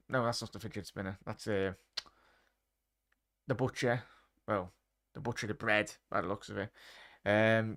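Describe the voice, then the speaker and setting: A man's voice: mid-range voice, sharp tone. A man hosting a live football watchalong in casual chat, talking to viewers by name with lots of fillers. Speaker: watchalong host.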